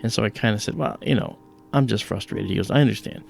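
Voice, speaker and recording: Gravelly low-voiced man telling a story. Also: fast, faint music behind. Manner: storytelling, acts out quoted voices, many fillers. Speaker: livestream host. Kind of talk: casual livestream chat.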